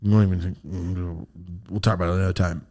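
Picture a man with a fairly low voice hosting a loose podcast. He tells a rambling, profane story, drops into hushed asides, then bursts into loud, high-pitched quotes. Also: steady tone, fast. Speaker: podcast host. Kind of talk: casual podcast chat.

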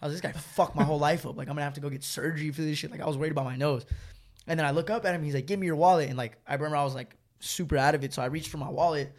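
A young man rattles through a story among friends at a quick clip, his voice sitting a little high for a man. He talks in loose casual chat, swearing freely and padding his lines with filler words. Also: steady tone.

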